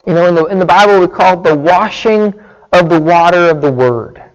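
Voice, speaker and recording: A man's voice: high-pitched, brisk, muffled recording. A man preaching a sermon, earnest and illustrative, with small restarts. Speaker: pastor.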